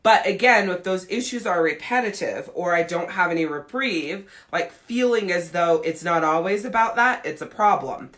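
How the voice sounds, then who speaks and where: A woman's voice: fairly low pitch, lively intonation, normal speed, hardly any pauses, fairly bright tone. A woman in her thirties, a podcast host telling a personal story in a blunt, profane, frank way. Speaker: podcast host and life coach. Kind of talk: casual storytelling.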